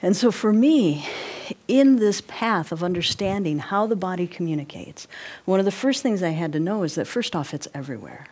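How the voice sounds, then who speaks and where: A woman presenting a live workshop, animated, guiding listeners through movements and often checking in with them. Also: fairly low pitch, moderate pace. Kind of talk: live interactive workshop talk.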